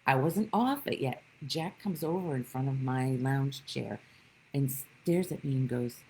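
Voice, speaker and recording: A woman's voice: a bass voice, animated, unhurried, dark tone, slight background noise, rough recording. A woman giving a live-streamed spiritual talk, telling stories with animation and greeting viewers by name. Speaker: spiritual teacher.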